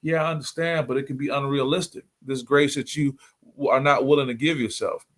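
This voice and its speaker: A man's voice: medium pitch, steady tone, a little fast, fairly bright tone, slight background noise. Man, middle-aged, motivational host, earnest, repeats points for emphasis, mid-range voice. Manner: earnest, repeats key points for emphasis, greets viewers by name. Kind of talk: motivational talk.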